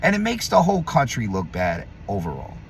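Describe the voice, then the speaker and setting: A man delivering a heated, blunt opinion rant to camera, profane and combative, swinging between loud emphasis and low muttering. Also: huge pitch swings, brisk, a little hiss or hum. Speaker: vlogger.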